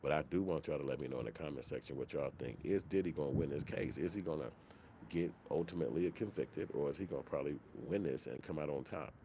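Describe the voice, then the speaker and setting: A man hosting a commentary channel, talking in a casual, profane, animated rant. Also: very deep voice, quick pace, slight background noise. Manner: profane, animated, slips into mock quoted voices.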